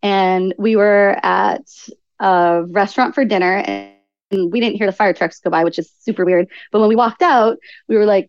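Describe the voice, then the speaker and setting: A woman telling stories as a podcast guest, bringing them to life by acting out quoted speech in livelier bursts. Her voice sits at an ordinary middle pitch. The recording is dry and close, with a slightly dull, lo-fi tone. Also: fairly even intonation, moderate pace, darkish tone, dry recording. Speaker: podcast guest, author and nutritional coach. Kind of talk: conversational interview storytelling.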